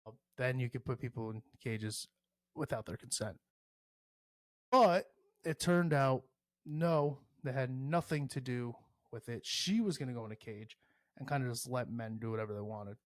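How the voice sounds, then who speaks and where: Profane rambling podcast host, dry close sound. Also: male voice, medium pitch, moderate pace, no room sound. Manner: profane, rambling, animated with sports analogies. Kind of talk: casual solo podcast rant.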